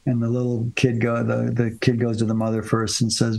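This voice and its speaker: A man with a gravelly, fry-tinged voice, co-hosting a podcast in casual conversation. He rambles and restarts his sentences often, filling gaps with ums and uhs. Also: medium pitch, monotone, fairly quick, few pauses, darkish tone, low-quality recording. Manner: rambling, many fillers and restarts. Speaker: podcast co-host.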